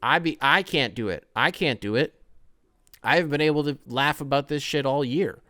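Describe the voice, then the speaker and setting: Animated, profane man on a dry mic. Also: fairly high pitch, normal speed, no echo. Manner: rambling, profane and animated, with sudden loud outbursts. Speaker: podcast host. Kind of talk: casual solo podcast monologue.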